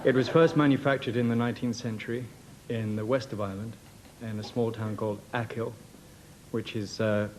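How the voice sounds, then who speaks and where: A man's voice: lowish voice, slight background noise. A man panel guest explaining a made-up definition in an earnest, straight-faced way. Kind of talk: bluffing a definition.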